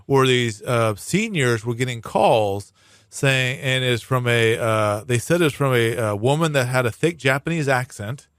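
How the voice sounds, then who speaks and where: A man's voice: medium pitch, expressive, a little slow, a bit bright, smooth, no room sound, studio quality. A man speaking as a prosecuting attorney guest in a casual radio interview, explaining at length with many fillers and restarts. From Hawaii. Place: radio studio.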